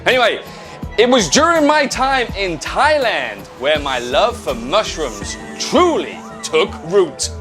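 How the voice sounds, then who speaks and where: A man's voice: very animated, takes it slowly, over music, full character voice. A man putting on a Canadian accent to play a punning male mushroom supplement salesman in a comedy advert sketch. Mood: cheesy, upbeat. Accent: put-on Canadian. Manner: corny puns, sing-song sales pitch.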